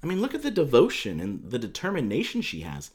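A man's voice: mid-range voice, wildly swooping pitch, fast, a little mellow. A man preaching a sermon as pastor, telling the story in a conversational, emphatic way with casual fillers.

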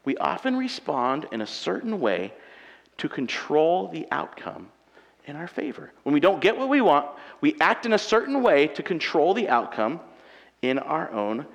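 A married man preaching a sermon with animated, self-mocking humor, acting out everyday quarrels. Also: fairly high pitch, normal speed, gravelly. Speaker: pastor. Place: church auditorium. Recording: long reverb of a large hall.

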